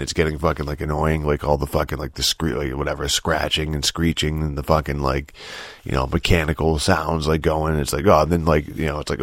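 A man with an extremely deep voice talks through a loose, rambling rant, swearing often and sounding exasperated. He restarts his sentences constantly. The recording is dry and close, with no room sound. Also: dry recording. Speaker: game commentator. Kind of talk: casual rant.

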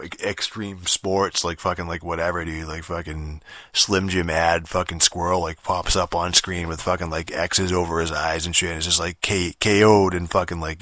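A man's voice: deep voice, pushed and bright, dry recording, clean studio sound. A man giving a casual, rambling game review, swearing constantly and full of fillers and restarts.

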